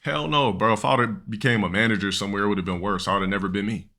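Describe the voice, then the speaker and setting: A man's voice: fairly low pitch, fairly even intonation, fast talker, bright, forceful tone. A young man streaming live, telling a long, rambling, profane story to his chat with many restarts and fillers.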